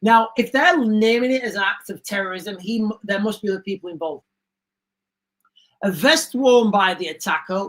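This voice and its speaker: A woman hosting a live stream, reading breaking news aloud and stopping to give her own opinions to viewers. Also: mid-range voice. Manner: reads breaking news aloud with chatty asides; talks straight to viewers, often says "guys". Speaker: livestream host. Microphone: streaming setup mic.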